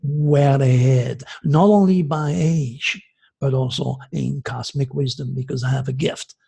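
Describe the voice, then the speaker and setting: A man in his sixties from France, giving an agitated, preachy monologue that swings from loud outbursts to hushed asides. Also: medium pitch, fairly even intonation, measured pace, gravelly, breathy edge. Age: 60s. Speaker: astrologer host. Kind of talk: impassioned monologue.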